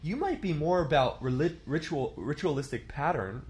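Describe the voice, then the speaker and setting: A man's voice: a little high, animated, normal speed, darkish tone. A man in his thirties teaching a church leadership class in a conversational way, asking the class questions and acting out quotes.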